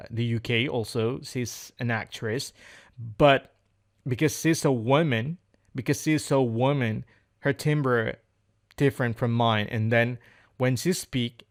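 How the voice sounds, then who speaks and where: At a slow pace and medium pitch, a man works through an unscripted English speaking-practice monologue. He hesitates, hunts for words, and frequently repeats himself as he goes.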